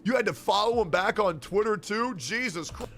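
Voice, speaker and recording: A man's voice: high voice, expressive, normal speed, fairly bright tone, soft background music. A man hosting a drama commentary video, mocking and sarcastic as he reacts to quotes he reads out. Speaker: commentary host.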